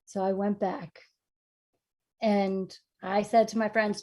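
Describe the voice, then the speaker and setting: A woman from New York telling a funny personal story on stage, lively and self-mocking, swinging from hushed to loud. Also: medium pitch, slow pace, pauses often. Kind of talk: humorous personal storytelling performance.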